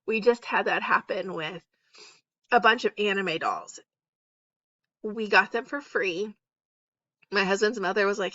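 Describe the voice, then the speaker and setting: A middle-aged woman chats candidly to her viewers from home at night, laughing at herself as she talks through her online selling. Her voice is bright and forward, recorded close and dry, with a slightly dull, muffled top end. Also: medium pitch, moderate pace, dry recording. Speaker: eBay reseller and YouTuber. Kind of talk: casual list-with-me chat. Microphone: close, off camera.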